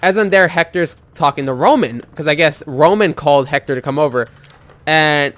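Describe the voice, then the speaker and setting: Young male gamer, slightly high voice, loose rambling storyteller, swears freely. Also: moderate pace, fairly bright tone, no echo. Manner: rambling, swears a lot, heavy use of "like". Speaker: gaming video host. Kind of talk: casual storytelling over gameplay.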